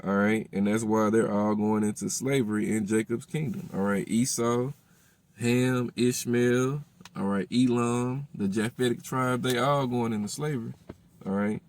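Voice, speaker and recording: A man's voice: mid-range voice, steady tone, measured pace, a little mellow. A man reading scripture aloud and explaining it, checking in with his listeners with "all right?" after nearly every phrase. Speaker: teacher of a religious group.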